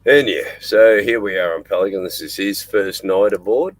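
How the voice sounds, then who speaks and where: A man's voice: lowish voice, moderate pace, poor audio. An older Australian man hosting a casual live stream from inside his small boat at night, rambling and chatting in between fussing over his dog. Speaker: livestream host.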